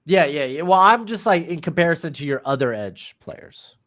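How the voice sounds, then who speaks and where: A young man co-hosting a casual chat, halting and full of restarts. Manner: halting, restarts a lot, lively swings in pitch. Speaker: co-host.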